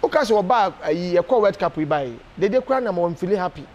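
Ghanaian guy, high voice, fired up and emphatic, lots of ums while he thinks. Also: fast talker, muffled recording, a little hiss or hum. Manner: animated, emphatic, with frequent hesitation fillers. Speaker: interview guest. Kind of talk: casual interview.

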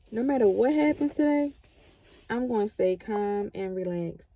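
Encouraging woman with a gravelly voice. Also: medium pitch, animated, moderate pace, warm tone, rough recording. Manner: repetitive, encouraging, with Christian references. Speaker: vlogger. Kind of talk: motivational vlog talk.

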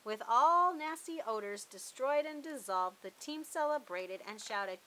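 A woman reads a rhyming children's book aloud in a bouncy, sing-song way. Her voice is bright and fairly high. It carries the rhymes along. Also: expressive, unhurried, few pauses, rough recording. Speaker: storybook reader.

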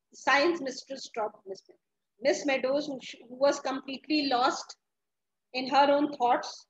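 A woman's voice: high-pitched, a bit bright, husky, highs cut off. A woman, a teacher explaining a story to her class, asking questions and often restarting her sentences. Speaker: English teacher.

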